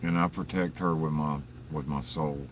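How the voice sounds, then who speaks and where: Deep-voiced man rambling on a livestream. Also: steady tone, moderate pace, distant mic, a little hiss or hum. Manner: rambling, profane storytelling with frequent chuckles; greets viewers in chat by name. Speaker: livestream host. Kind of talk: casual early-morning livestream chat.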